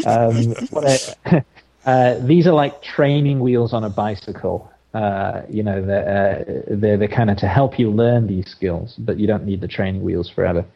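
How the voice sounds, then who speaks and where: A man's voice: lowish voice, steady tone, moderate pace, vocal fry, warm tone, rough recording. Hesitant male therapist telling a story. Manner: hesitant, many restarts and fillers. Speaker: therapist, podcast guest. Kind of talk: conversational interview storytelling.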